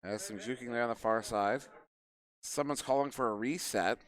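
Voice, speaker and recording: A man's voice: mid-range voice, moderate pace. A man casting a live esports match, calling plays and chatting off-hand between them. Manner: chatty, jokes with people in the room between calls. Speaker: esports caster. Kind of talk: live esports play-by-play commentary. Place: live event venue.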